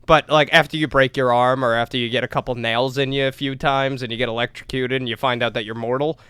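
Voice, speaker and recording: A young man co-hosting a podcast, telling a long story in a loose, profane way, acting out voices and shouting at the big moments. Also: medium pitch, steady tone, fast, clean tone, dry recording. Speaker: podcast co-host. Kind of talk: casual storytelling chat.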